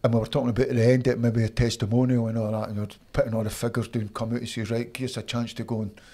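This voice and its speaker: An older man with a Scottish accent, telling animated stories from his football career as an interview guest. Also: mid-range voice, rapid-fire. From Scotland. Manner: animated anecdotes, acts out voices of others. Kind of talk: casual storytelling.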